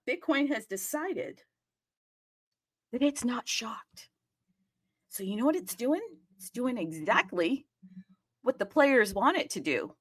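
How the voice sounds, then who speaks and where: A woman hosting a live audio chat room, talking excitedly and casually, often addressing listeners as "people" and checking in with "okay?". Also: on the high side. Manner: animated, chatty, keeps asking "okay?" and addressing "people".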